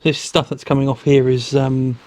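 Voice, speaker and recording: A man's voice: mid-range voice, flat delivery, normal speed, darkish tone, slight background noise. A man explaining motorbike wiring and soldering step by step. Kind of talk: instructional workshop talk.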